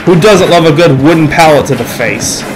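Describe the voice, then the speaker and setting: Teen boy, let's play commentary, excitable, self-mocking, fairly high voice, clear game music behind. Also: normal speed, low-quality recording. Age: teens. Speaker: gamer.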